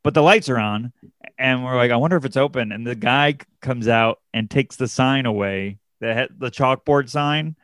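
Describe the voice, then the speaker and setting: Animated young man telling a comedy story. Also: normal speed, no room sound. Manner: animated, jumps up in pitch to act out quoted people, many fillers and restarts. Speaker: comedian and podcast co-host. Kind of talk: casual podcast storytelling.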